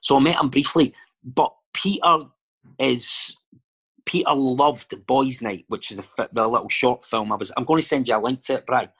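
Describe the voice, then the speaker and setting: A man's voice: mid-range voice, moderate pace, a bit bright, slightly rough. A Scottish man chatting casually as a guest, telling stories and wandering off into digressions with lots of fillers. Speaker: actor and filmmaker guest. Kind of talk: casual chat.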